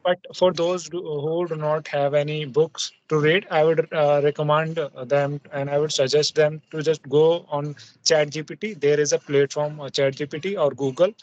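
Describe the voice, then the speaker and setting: Man, slightly high voice, halting casual talk, dull lo-fi sound. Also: steady tone. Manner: hesitant, many fillers and restarts. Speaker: host. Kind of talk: casual conversation practice. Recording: muffled lo-fi audio.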